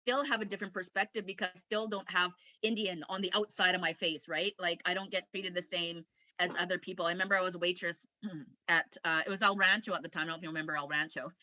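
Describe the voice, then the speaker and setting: Bright-voiced woman telling candid stories. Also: on the low side, fairly even intonation, fast, no room sound. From Canada. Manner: rambling and candid, laughs often, many restarts. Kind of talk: casual personal storytelling.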